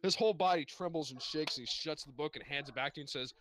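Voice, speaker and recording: A man's voice: on the high side, quick pace, fairly bright tone. A man running a tabletop game as game master, narrating loosely with fillers and laughs.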